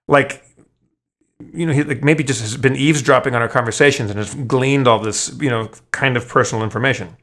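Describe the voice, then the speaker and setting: A man's voice: medium pitch, a little fast, fairly bright tone. Profane, rambling male podcast host. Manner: rambling, stammering restarts, profane. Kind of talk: casual storytelling chat.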